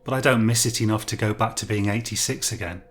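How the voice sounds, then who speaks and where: A man's voice: lowish voice, fast, soft background music, lightly acted. A man voicing a friendly, teasing young woman in a storybook reading. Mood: chatty. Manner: breezy, teasing.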